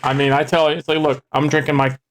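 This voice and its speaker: Joking man with slightly high voice. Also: little pitch movement, fast talker. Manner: joking, patriotic banter, profane. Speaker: podcast co-host. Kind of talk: casual chat.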